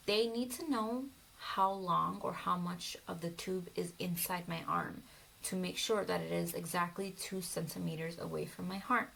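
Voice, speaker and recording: A woman's voice: lowish voice, vocal fry, fairly bright tone, slight background noise, rough recording. A young woman telling a personal story in a vlog, emotional and often dropping to a whisper. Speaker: vlogger.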